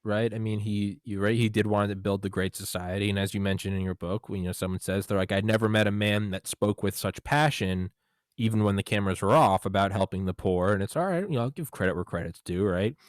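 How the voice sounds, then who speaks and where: Man hosting a casual chat, lowish voice, dry close sound, acts out quotes, swears casually. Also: fast talker, dry recording. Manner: animated, acts out quotes in a raised voice. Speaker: podcast host.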